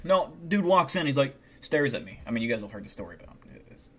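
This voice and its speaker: Profane, excitable male streamer. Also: mid-range voice, fast talker. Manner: profanity-heavy, animated retelling. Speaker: livestream host. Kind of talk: casual storytelling on a live stream.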